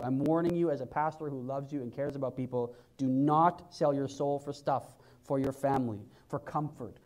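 A man's voice: mid-range voice, a little mellow, rough recording. A man in his forties preaching a sermon as a pastor in a church, exhorting his listeners and repeating phrases for emphasis. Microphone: handheld mic.

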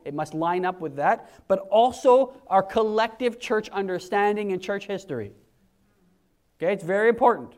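A man in his forties preaching a sermon in a conversational, animated way, acting out quotes in hushed and raised voices. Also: sits high, moderate pace. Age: 40s.

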